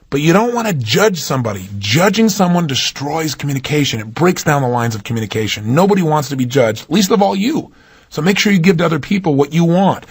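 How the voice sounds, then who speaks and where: Husky guy, kinda high voice, punchy motivational speaker vibe. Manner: emphatic, swings pitch up and down for emphasis. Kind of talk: motivational talk.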